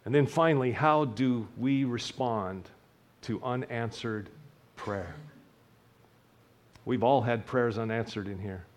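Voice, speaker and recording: An earnest man preaches to his congregation, his voice at an ordinary middle pitch. He swells with emphasis on key points, then sinks to a gentle, quiet delivery. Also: slow. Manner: earnest, builds up then drops to a soft hush. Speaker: pastor. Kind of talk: sermon.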